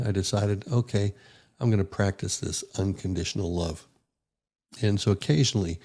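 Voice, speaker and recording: A man's voice: on the low side, gravelly, dark tone. An older man, a retired naval officer, telling a personal story in a casual, folksy way and acting out the quotes. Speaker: podcast guest, retired rear admiral.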